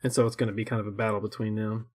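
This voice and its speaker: A man's voice: fairly low pitch, level tone, rapid-fire, darkish tone. A young man co-hosting a casual chat, rambling and laughing often as he talks. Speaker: co-host. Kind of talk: casual chat reviewing shows.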